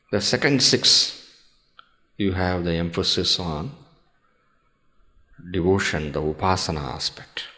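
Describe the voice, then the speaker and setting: A man with a very low voice gives a scripture discourse. He speaks slowly and deliberately, pausing often and putting questions to his listeners. Now and then he recites a Sanskrit verse. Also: bright, forceful tone. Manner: slow, measured explaining with pauses and rhetorical questions. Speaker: swami teaching scripture.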